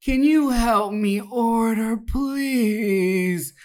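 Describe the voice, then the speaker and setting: Brief: woman doing a high, slow, moaning strung-out diner woman, loud and wheedling. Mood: pleading. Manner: moaning, drawn-out pleading.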